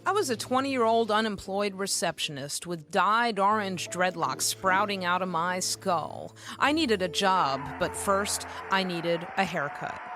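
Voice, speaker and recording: A woman's voice: medium pitch, lively intonation, measured pace, few pauses. A woman performing a brash, comic, profane spoken-word story as a performance poet.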